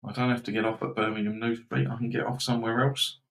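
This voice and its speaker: A man's voice: mid-range voice, flat delivery, fast, a bit bright, low-quality recording. A man hosting a live betting stream, rambling casually and reacting to football scores and viewers.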